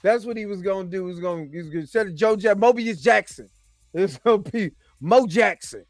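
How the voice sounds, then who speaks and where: A man hosting a casual reaction review, animated and joking as he talks straight to his viewers. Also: sits high, a little fast, no room sound, clean studio sound, soft background music. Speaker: host and movie reviewer.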